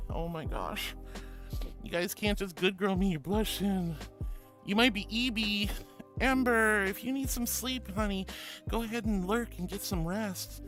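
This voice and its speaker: A woman's voice: medium pitch, moderate pace, soft background music. A woman VTuber streamer in casual live-stream chat, playful and affectionate, giggling as she greets viewers and reads their messages aloud.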